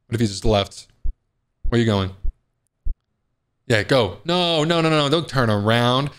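A man's voice: medium pitch, measured pace, a little hiss or hum. A man playing a horror game, joking and reacting with panicky outbursts in casual commentary. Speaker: gaming video host. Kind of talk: casual let's play commentary.

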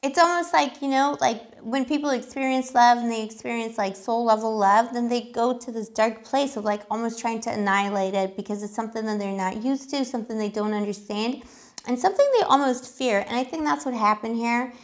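A woman's voice: on the high side, brisk. A woman giving a casual tarot reading, chatty and giggly, with lots of fillers. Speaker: tarot reader.

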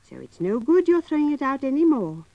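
A woman voicing a brisk motherly housewife in a 1950s children's puppet show, scolding but kindly. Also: high-pitched, sing-song, muffled recording, pitched above the performer's own voice.

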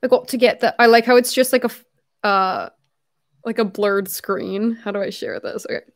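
A woman's voice: medium pitch, steady tone, normal speed. A young woman hosting her own livestream, chatting casually and rambling with frequent fillers and laughs.

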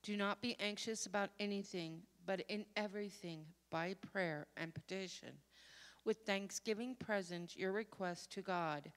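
A woman from the congregation reading a scripture passage in a measured way. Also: medium pitch. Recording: reverberant hall.

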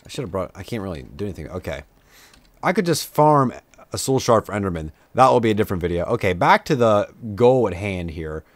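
A man's voice: on the low side, very animated, a little fast. A young man giving casual, self-mocking commentary over a video game, chatty and prone to sudden outbursts at enemies. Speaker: gameplay commentator. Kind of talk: casual let's-play commentary.

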